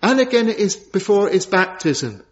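Fervent high-voiced male preacher. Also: sing-song. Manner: fervent, emphatic preaching with slow stressed declarations. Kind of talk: sermon. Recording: dull lo-fi church recording.

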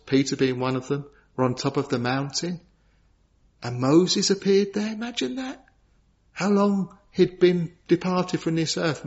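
A man delivering a fervent sermon with a fairly high voice. He slows down to hammer home his declarations. The recording is dull and lo-fi. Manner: fervent, emphatic preaching with slow stressed declarations. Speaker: preacher.

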